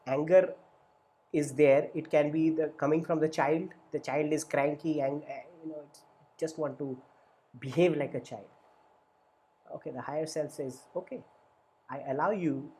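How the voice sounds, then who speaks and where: A man's voice: fairly high pitch, mellow. Middle-aged male therapist leading a talk; earnest, repetitive, checks in with listeners, acts out inner voices. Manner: earnest, repetitive, asks "right?" often. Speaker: therapist and workshop facilitator. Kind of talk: spoken teaching session.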